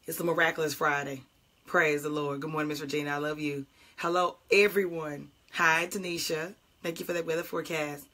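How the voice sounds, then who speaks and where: Bright-voiced woman pastor praying. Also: deep voice, fairly even intonation, brisk. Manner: warm, chatty greetings to viewers by name; fervent flowing prayer. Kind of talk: morning prayer livestream.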